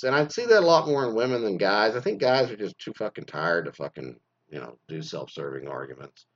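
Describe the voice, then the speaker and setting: A man's voice: on the low side, very animated, fairly quick. A man ranting casually on a podcast, profane and rambling, full of fillers, on a dull lo-fi recording. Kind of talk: casual rant.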